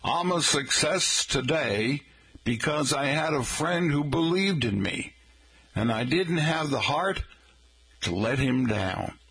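A man putting on a Southern accent to play an earnest, folksy old statesman, speaking slowly and deliberately with a husky voice. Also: a little high, expressive, fairly bright tone, pitched above the performer's own voice, heavily acted, rough recording. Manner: slow, deliberate quoting.

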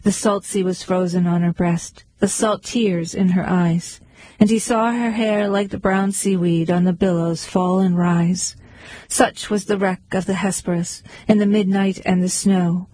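A woman reciting poems aloud in a rhythmic, measured way. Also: lowish voice, steady tone, dark tone, dry recording, low-quality recording. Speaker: poetry reader. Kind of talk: recited poetry reading.

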